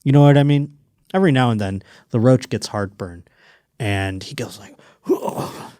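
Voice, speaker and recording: A man's voice: medium pitch, moderate pace, dark tone, clear, resonant tone, no room sound, clean studio sound. A man hosting a comedy podcast, telling rambling stories and riffing on the news in casual chat. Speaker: podcast host.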